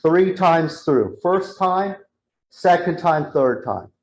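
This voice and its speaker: A man giving a live talk to an audience, telling an animated story and acting out the dialogue. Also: on the high side, slow, low-quality recording. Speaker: speaker. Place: church hall with a live audience.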